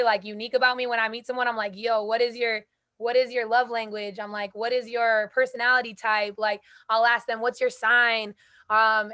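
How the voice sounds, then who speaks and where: Bright high-voiced motivational woman. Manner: energetic, emphatic, casual slang. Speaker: host speaking to a call group. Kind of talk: motivational call talk.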